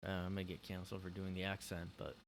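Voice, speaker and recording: A man's voice: low-pitched, monotone, fast talker, slight background noise. A man hosting a casual solo podcast from his room, rambling and joking with lots of fillers. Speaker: podcast host.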